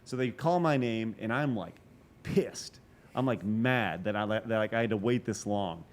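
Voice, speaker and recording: A man in his forties telling a long story as a podcast guest, animated and profane, with quick asides and restarts. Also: lowish voice, a little hiss or hum. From Texas. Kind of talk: casual storytelling interview.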